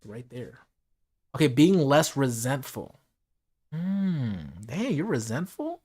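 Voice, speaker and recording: Male streamer, late-night casual chat, earnest, reflective, chatty fillers, mid-pitched voice. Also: big pitch swings, slow, darkish tone, breathy edge. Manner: earnest, reflective, lots of "like" and "you know".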